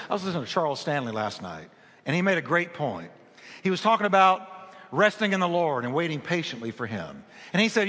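Lively high-voiced preacher. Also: male voice, a little fast, big-room sound. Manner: animated storytelling preacher, repeats phrases for emphasis. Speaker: pastor. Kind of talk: sermon.

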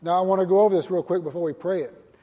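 Male pastor with a husky, slightly high voice, preaching earnestly in a church hall with long reverb. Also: fairly even intonation, very fast, dark tone. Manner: earnest, repetitive preaching with direct challenges to listeners. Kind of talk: sermon.

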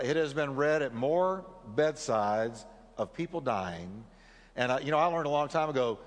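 A male pastor delivering an earnest sermon at a middle pitch. He leads his congregation through scripture readings and prayer. His voice carries the long reverb of a church sanctuary.

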